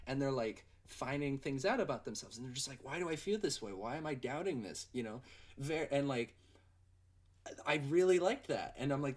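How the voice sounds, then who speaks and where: A young man hosting a casual livestream Q&A, rambling and excitable with lots of fillers. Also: mid-range voice. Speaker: livestream host and animator.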